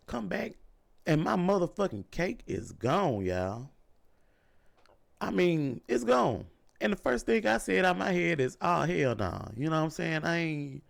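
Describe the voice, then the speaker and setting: Animated, profane young man telling a story. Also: on the high side, creaky. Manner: animated, profane, repeats himself for emphasis. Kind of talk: casual storytime monologue.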